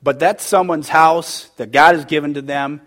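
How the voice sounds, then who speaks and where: A man's voice: on the high side, steady tone, moderate pace, fairly bright tone. Emphatic man preaching to a group. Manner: conversational and emphatic, quizzing the audience; gets heated and emotional. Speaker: church teacher leading a group. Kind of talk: interactive sermon.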